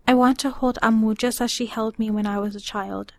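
A woman reading her own personal story aloud in a measured, unhurried way. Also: on the high side, fairly even intonation, no room sound.

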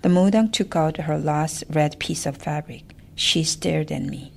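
Low gravelly woman, softly narrating. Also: a little slow, hardly any pauses. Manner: soft, often whispered narration. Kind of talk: memoir storytelling.

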